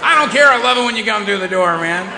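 A man voicing an excitable female pet dog, shouting with breathless glee. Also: sits high, fast talker, vocal fry, a crowd in the background, noisy background, pitched above the performer's own voice. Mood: thrilled. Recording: echoey hall with long reverb.

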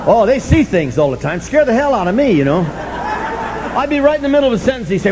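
An older man sharing his story at a recovery meeting, sardonic and humorous, breaking into shouts. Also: very high voice, fast talker, a crowd in the background, noisy background. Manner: animated, sardonic, bursts into shouting.

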